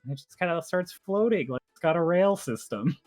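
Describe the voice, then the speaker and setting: A man narrating as game master of a tabletop game, in an animated style full of laughter. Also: fairly high pitch, brisk, soft background music.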